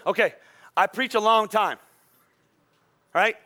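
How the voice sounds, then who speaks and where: A man's voice: high-pitched, slow pace. A man in his forties preaching a sermon to his congregation, throwing questions at them and acting out children's outbursts. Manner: animated, acts out kids' outbursts; talks to the congregation, asks questions. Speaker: pastor.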